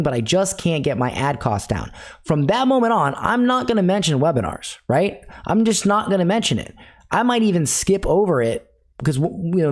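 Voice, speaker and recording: A man's voice: on the high side, darkish tone. A middle-aged man teaching a sales technique in a direct, instructive way, repeating key phrases for emphasis. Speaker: sales coach.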